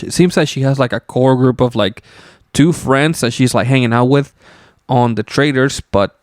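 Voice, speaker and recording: A man's voice: medium pitch, dry recording, clean studio sound. A young man hosting a casual solo podcast, rambling loosely with lots of fillers and some swearing. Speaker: podcast host.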